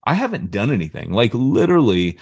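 A man's voice: medium pitch, a little fast, breathy edge, no echo, studio quality. A man in his fifties, a podcast co-host, casually telling a story and acting out the people in it. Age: 50s. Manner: animated, acts out the voices in his story.

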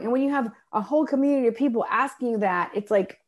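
A middle-aged woman telling a personal story in a casual chat, animated and acting out the voices of people she quotes. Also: on the high side, quick pace, few pauses. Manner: animated, acts out voices in her stories. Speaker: guest.

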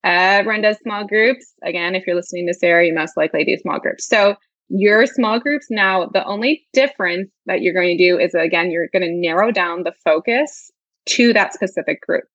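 Her voice is on the low side and fairly bright, at a moderate pace. As a guest literacy educator in a casual interview, she explains teaching ideas chattily with many filler "like"s. The recording is dull, lo-fi, and dry, with no echo.

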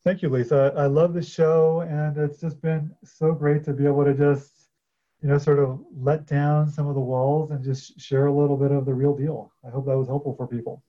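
A man, a coach guesting on a podcast, explaining his ideas in a measured way with some fillers. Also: fairly high pitch, flat delivery, mellow, dull audio. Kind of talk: casual podcast interview.

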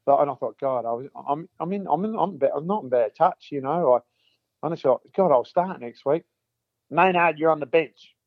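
In a storytelling interview, a former footballer spins long tales, repeating words and acting out old conversations in a chatty way. His voice is a little high and expressive, his pace fairly quick, and the audio sounds phone-like with no echo.

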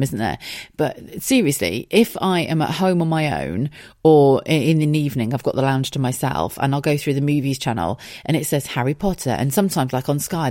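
A rambling, chatty woman, talking on her own podcast in a low voice. She swears casually and laughs as she goes. The sound is close and dry, with no room around it. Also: darkish tone, dry recording. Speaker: podcast host. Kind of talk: casual solo podcast chat. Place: home.

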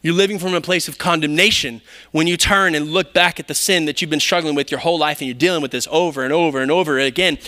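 A man preaching a sermon in a church, animated and conversational, with frequent rhetorical questions to the congregation. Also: fairly high pitch, fast. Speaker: pastor. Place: church sanctuary.

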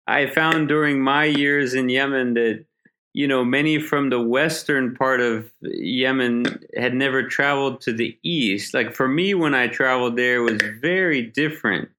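A man's voice: medium pitch, normal speed, bright, forceful tone. A man interviewing a guest in a casual, conversational way, often using "you know" to prompt her.

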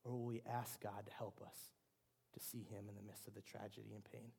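A man's voice: on the low side, flat delivery, a little fast, creaky, mellow, husky. A man preaching a sermon in a conversational way, with frequent restarts and fillers.

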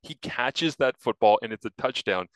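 A man hosting a casual football talk show, upbeat and chatty and quick to laugh. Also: medium pitch, expressive, no room sound, rough recording. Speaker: podcast host and football analyst. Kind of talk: casual sports chat.

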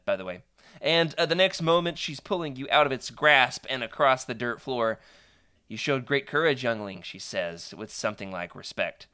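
A man's voice: mid-range voice, pushed and bright, clean tone. A man hosting a live stream, chatting upbeat with viewers and reading a storybook aloud with frequent laughs. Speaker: host.

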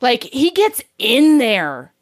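A woman with a slightly high voice co-hosts a casual book podcast. She retells scenes in a lively, giggly rush, peppering every sentence with filler words. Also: slow pace. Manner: animated, giggly storytelling with many likes. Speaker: podcast co-host.

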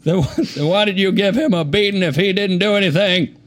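A jealous adult boxer who keeps pressing with suspicious questions, talking in a raised folksy drawl, as a man puts him on. It is a rough, jokey comedy read. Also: high voice, fairly quick, voice pushed up, natural voice.

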